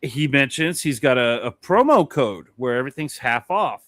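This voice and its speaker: A man's voice: medium pitch, normal speed, dry recording. A man co-hosting a casual talk show, telling a long story with a lot of swearing. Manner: animated, swearing, rambling anecdote. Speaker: podcast co-host.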